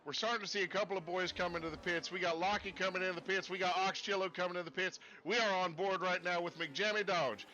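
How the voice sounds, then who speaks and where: Streaming from a desk setup with screens, a man calls a live sim race in a put-on Southern US accent, folksy and rambling with jokey asides. His high, pushed, bright voice moves quickly with fairly even intonation and few pauses, and the recording sounds muffled.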